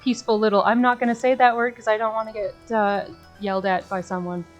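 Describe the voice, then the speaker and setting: A young woman streamer making casual, amused asides as she plays a game, often trailing off quietly. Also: fairly high pitch, brisk, soft background music.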